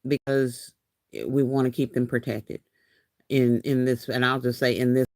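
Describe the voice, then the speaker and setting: A woman's voice: rumbling low, level tone, a little slow, a little mellow, dry recording, studio quality. A woman in her fifties hosting a casual craft live stream, chatty and laughing often as she reads viewer comments aloud. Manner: chatty, laughs often, says y'all a lot. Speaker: craft channel host.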